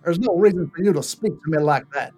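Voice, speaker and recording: A man's voice: a little high, quick pace, loud music behind the voice. Grumbling man in character. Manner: gruff, grumbling, old-fashioned speech. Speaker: player voicing a grumpy adventurer. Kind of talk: in-character tabletop role-play.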